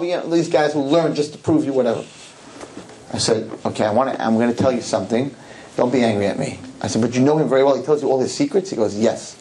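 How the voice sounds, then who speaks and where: A man's voice: mid-range voice, a little mellow, slight background noise, rough recording. A man speaking as a rabbi, telling a story to a live audience and acting out both sides of the conversation in shifting voices.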